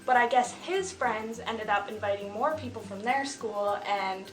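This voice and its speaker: In her twenties, this woman tells a story in a chatty, casual way, full of fillers and frequent laughter. Her voice is mid-range and a little slow, captured in an echoey room with faint music.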